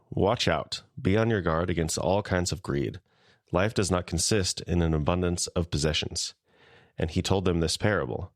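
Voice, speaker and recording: A man with a very low voice reads a scripture passage for a podcast. His delivery is measured and even, and the sound is close and dry. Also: no echo. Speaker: podcast co-host. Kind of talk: scripture reading and casual discussion.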